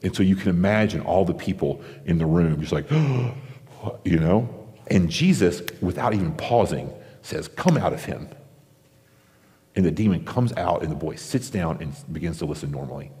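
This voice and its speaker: A pastor delivering a sermon in a conversational way, acting out the crowd's reactions, from the United States. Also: male voice, deep voice, lively intonation, normal speed, mellow. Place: large theater-style church auditorium. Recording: long hall reverb.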